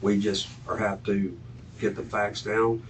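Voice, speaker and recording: A male police detective asking calm, halting questions in an interview room. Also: on the low side, a little hiss or hum. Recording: distant mic with faint room ambience.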